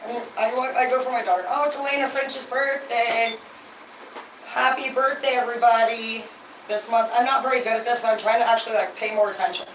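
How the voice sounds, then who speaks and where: A woman's voice: fairly high pitch, steady tone, fast talker, a little hiss or hum. A tipsy woman chatting casually to viewers on a livestream, rambling, gushing and swearing freely. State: tipsy from drinking. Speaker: livestream host. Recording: roomy, distant mic, faint ambience.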